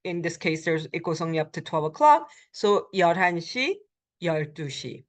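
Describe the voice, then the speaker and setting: A woman lecturing as a Korean language instructor, explaining step by step with frequent ums and uhs and repeating phrases slowly for learners. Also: fairly low pitch, sing-song. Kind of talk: recorded college lecture.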